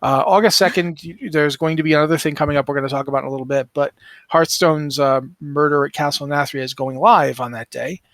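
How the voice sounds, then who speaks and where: A man's voice: a little high, fast talker, a bit bright, dry recording. Chatty man with a dry close sound. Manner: rambling, self-correcting, apologetic about names. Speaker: podcast co-host. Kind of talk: casual podcast chat.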